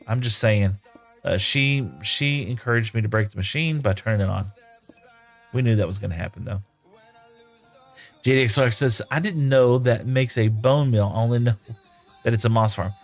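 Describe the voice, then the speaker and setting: A man's voice: mid-range voice, normal speed, pauses often, soft background music. A man streaming live from his home room, reading viewer chat aloud and answering in a folksy, rambling way.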